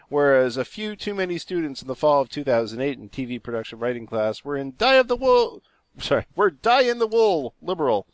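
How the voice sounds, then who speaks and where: A man hosting a comedy podcast, reading a long text aloud, correcting himself and pausing for asides. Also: medium pitch, no room sound. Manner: reads steadily, breaks off to laugh and correct himself.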